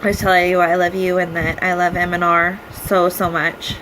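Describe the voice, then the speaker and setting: A woman's voice: fairly low pitch, little pitch movement, a bit bright, a little hiss or hum, poor audio. Emotional young woman holding back tears. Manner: emotional, halting, many pauses and fillers. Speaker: vlogger. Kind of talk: personal video message.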